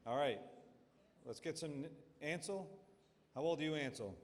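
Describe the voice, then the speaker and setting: Chatty middle-aged emcee in a hall. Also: male voice, a little high, normal speed. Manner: jokey, chatty, asks the crowd questions. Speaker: reunion emcee handing out awards. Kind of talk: casual emcee talk to a crowd. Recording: long hall reverb.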